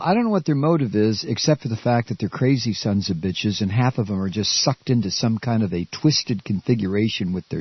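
Male talk radio host, angry stammering rant, husky, swinging pitch. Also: no room sound, lo-fi sound. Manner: furious, stammering, profane.

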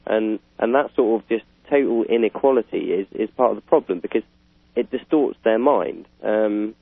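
A man's voice: on the low side, normal speed, vocal fry, dry recording. A British man in casual political chat, rambling with fillers and chuckling. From Britain. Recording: tinny phone-like line.

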